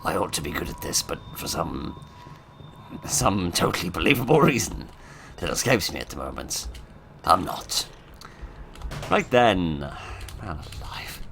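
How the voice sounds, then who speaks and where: A man commentates his own horror game playthrough. He rambles, mocks himself and jokes drily. Clear background noise runs under his desk mic. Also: extremely low pitch, expressive, a little slow, pushed and bright. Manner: self-mocking, rambling, dry humour. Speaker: gameplay commentator. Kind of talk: let's play commentary. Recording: noisy background.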